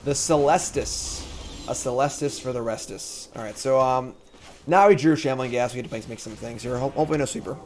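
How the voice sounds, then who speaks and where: A man hosting a card game stream, giving casual live commentary as he plays, thinking out loud and joking with chat. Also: medium pitch, brisk, slight background noise. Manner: jokey, reads chat comments aloud.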